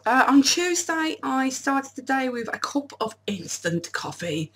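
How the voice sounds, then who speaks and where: A woman's voice: high voice, animated, normal speed, hardly any pauses, slightly rough. A woman, chatting casually to camera in a diet vlog, with lots of stumbles and restarts. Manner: chatty, stumbling restarts and self-deprecating asides. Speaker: vlogger.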